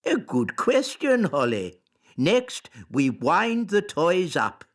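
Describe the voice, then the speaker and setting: A man voicing a wise old male elf in a cartoon, measured and dryly teasing. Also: high-pitched, huge pitch swings, full character voice.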